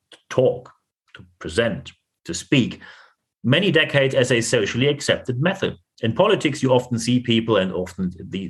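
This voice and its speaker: German-accented man hosting a leadership podcast. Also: mid-range voice. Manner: emphatic, repeats phrases for effect. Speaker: podcast host and leadership coach. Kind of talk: solo podcast monologue.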